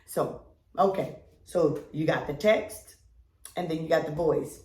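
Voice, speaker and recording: Woman podcast host, lower voice, animated storytelling, roomy echo. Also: a little slow. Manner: animated storytelling, acts out quoted friends, swears freely. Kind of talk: casual chat.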